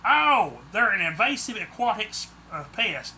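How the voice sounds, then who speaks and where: A man's voice: high voice, sing-song, moderate pace, creaky, sharp tone, a little hiss or hum, heavily acted. A man voicing a friendly, chatty southern neighbor with a thick Southern US accent, folksy and eager.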